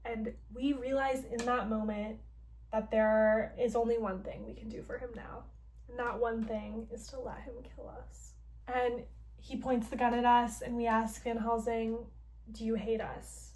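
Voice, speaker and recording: A young woman recapping a game's story in a chatty, expressive way, filling her talk with "like". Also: on the high side, measured pace. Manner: chatty, heavy use of "like", playful and expressive. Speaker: gaming vlogger.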